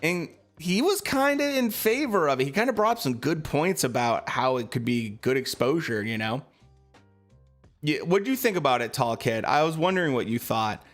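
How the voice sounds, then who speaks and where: A man's voice: a little high, lively intonation, normal speed, soft background music. A man streaming live, chatting casually about boxing and answering his viewers, with lots of fillers.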